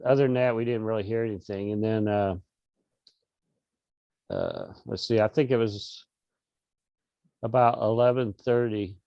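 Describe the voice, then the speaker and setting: A man's voice: on the low side, fairly even intonation, a little slow, vocal fry, pauses often, no echo, muffled recording. A middle-aged man, an interview guest, telling a casual story over a video call with lots of restarts and fillers. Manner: rambling, many restarts and fillers.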